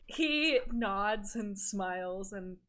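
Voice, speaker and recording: A woman's voice: mid-range voice, lively intonation, very slow, fairly bright tone, slight background noise. Woman game master, casual and chatty narration.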